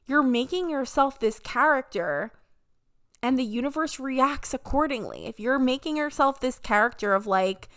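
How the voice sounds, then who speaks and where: A woman's voice: sits high, animated, normal speed, a bit bright. Upbeat young woman podcast host. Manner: upbeat, mimics voices when quoting. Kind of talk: casual motivational monologue.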